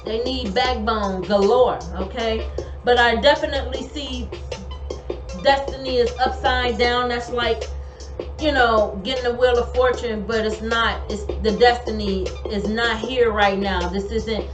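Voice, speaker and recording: A fairly high-voiced woman giving a tarot reading with emphatic, colloquial advice that she keeps repeating. Her voice rings in an echoey room. Music plays steadily behind her. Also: fairly even intonation, measured pace. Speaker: tarot reader.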